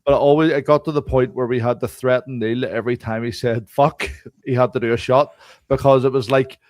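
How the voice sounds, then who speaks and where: A man's voice: medium pitch, steady tone, brisk, a little mellow, dry recording. Man with a dry, close sound. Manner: chatty anecdotal storyteller, laughs between lines. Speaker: podcast co-host. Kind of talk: casual chat.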